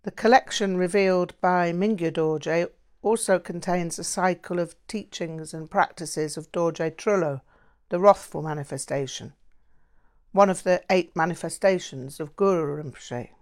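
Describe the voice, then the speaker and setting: Slow, low-voiced woman narrating an audiobook. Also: darkish tone. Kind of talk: first-person audiobook narration.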